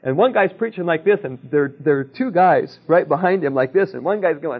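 A man's voice: fairly high pitch, expressive, brisk, hardly any pauses, slightly rough. Male preacher, storytelling teacher, tinny phone-quality recording. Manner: checks in with "okay?", tells anecdotes. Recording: narrow, tinny phone-like sound.

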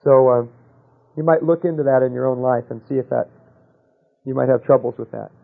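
A man preaching a sermon, telling a personal story with rhetorical questions and dropping to a hush for quoted voices. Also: mid-range voice, fairly even intonation, brisk, creaky, narrow, tinny audio.

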